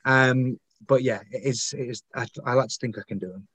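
A Northern English man chatting as a podcast guest, rambling along with plenty of ums and self-deprecating asides. His voice sits at an ordinary middle pitch. The recording is close and dry, with no room sound. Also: fairly even intonation, fairly quick, fairly bright tone, breathy edge, dry recording. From Northern England. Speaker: guest, actor and poet. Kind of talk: casual podcast interview.

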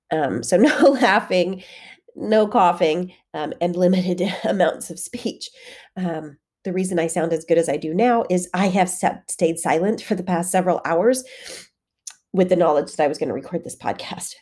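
A woman's voice: fairly low pitch, darkish tone. A woman fitness coach hosting her own podcast, talking candidly in a conversational way while congested with a head-cold voice. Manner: candid, conversational, with frequent fillers. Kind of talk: solo podcast monologue.

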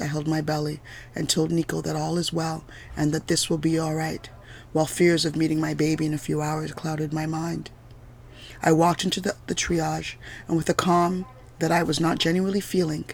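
Creaky-voiced woman calmly reading her own story. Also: low voice, slight background noise. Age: adult mother of several children. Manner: measured, deliberate, steady delivery. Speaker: podcast narrator. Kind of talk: reading a personal story aloud.

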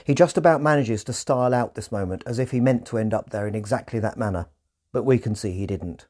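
Warm, husky-voiced male podcast host. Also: mid-range voice. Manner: measured, articulate reading. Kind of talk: scripted book analysis narration.

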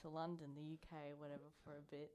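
Woman, smooth clear voice, giggly, casual co-host, reads out facts. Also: low-pitched, level tone, fast talker, dark tone. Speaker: podcast co-host. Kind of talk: casual chat.

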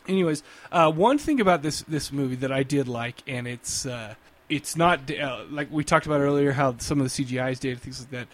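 A man's voice: mid-range voice, brisk. A man hosting a podcast in casual chat, rambling and hesitant with lots of fillers. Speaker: podcast host.

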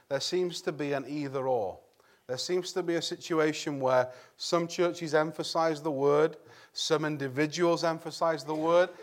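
Earnest man preaching a sermon. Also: a little high. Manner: conversational, earnest, frequent throat-clearing and restarts. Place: church.

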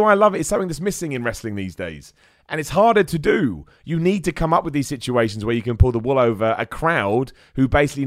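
Young man, casual live podcast host, chatty and upbeat, mid pitch, dry close mic. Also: no room sound. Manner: chatty, animated, reads out viewer messages. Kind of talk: live-streamed wrestling podcast chat.

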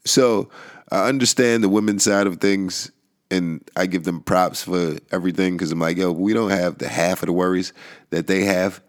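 A man's voice: deep voice, fairly even intonation, moderate pace. A man hosting a casual solo podcast, rambling and swearing, laughing often and trailing off into mumbles. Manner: rambling and profane, with frequent laughs and restarts. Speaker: podcast host.

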